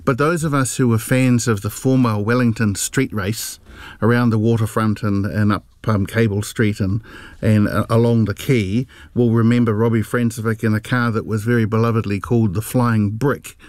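A man's voice: on the low side, fairly even intonation, normal speed, a little mellow, no echo. A man, a radio panelist recalling a racing driver in an easygoing way.

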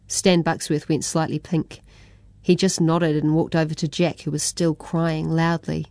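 A woman reads a children's storybook aloud in an even, clear way. Her voice is warm and a little low, recorded close and dry. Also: unhurried, no room sound. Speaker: audiobook narrator. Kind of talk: storybook narration.

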